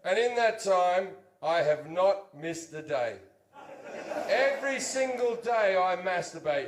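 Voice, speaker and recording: A man in his thirties doing crude, swearing stand-up storytelling on stage, bursting into loud stretches. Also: very high voice. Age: 30s. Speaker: stand-up comedian. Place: comedy stage before an audience. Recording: echoey stage recording.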